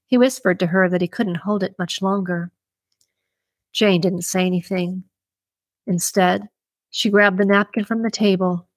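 A woman reading a thriller audiobook in an even, measured way. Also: mid-range voice, dry recording. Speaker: audiobook narrator. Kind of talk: scripted audiobook narration.

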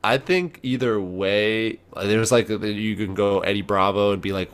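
A very low-pitched man chatting on a podcast, rambling and animated as he works through his thoughts. He uses lots of filler words and laughs now and then. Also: a little slow, few pauses, clean tone. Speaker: podcast host. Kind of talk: casual podcast chat.

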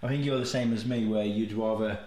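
A man's voice: lowish voice, fairly even intonation, brisk, warm tone. Joking male podcast host in a roomy space. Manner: jokey, laughs often. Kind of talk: casual comedic chat. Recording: roomy echo.

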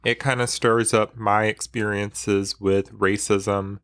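A man with a low-pitched voice speaks earnestly and without hurry, as in a reflective talk about books he has been reading. His voice sounds dry and close to the mic, with no echo. He speaks like a counselor talking to his listeners. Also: little pitch movement, a bit bright, clean tone. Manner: measured, earnest, unhurried.

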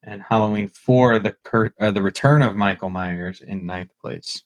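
Male podcast guest, low voice, relaxed and easygoing delivery. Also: normal speed. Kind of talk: casual podcast chat.

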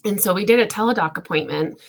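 A woman, telling an emotional personal story in a halting way, with many fillers, close to tears. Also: mid-range voice, creaky, crowd noise. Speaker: guest.

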